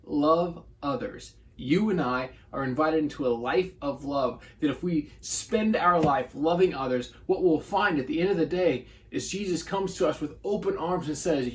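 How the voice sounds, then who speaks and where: A man with a fairly high speaking voice preaches a brief devotional. He talks earnestly and conversationally, reading scripture aloud and slipping into quoted voices as he goes. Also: normal speed, hardly any pauses. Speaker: pastor. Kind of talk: short devotional sermon.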